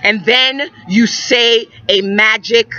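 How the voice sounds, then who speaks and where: A woman's voice: fairly high pitch, slow, sharp tone, slight background noise. A woman giving emphatic, repetitive spiritual advice to young viewers in a preacherly way. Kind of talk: metaphysical advice talk. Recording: dull lo-fi recording.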